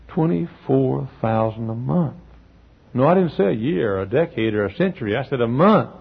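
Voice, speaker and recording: A male pastor preaching a sermon in a church, telling stories, acting out the people in them and often clearing his throat. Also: medium pitch, animated, normal speed. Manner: storytelling, acting out quotes, frequent throat clearing. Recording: dull lo-fi sermon recording.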